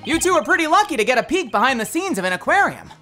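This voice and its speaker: A woman voicing a loud, overeager young male detective who talks fast. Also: sits high, sing-song, over music. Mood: eager.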